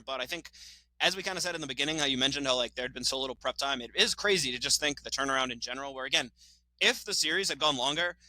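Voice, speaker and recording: A man co-hosting a casual sports podcast, talking with fast, excited opinions, laughing often and swearing now and then. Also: mid-range voice, no room sound, rough recording. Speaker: podcast co-host.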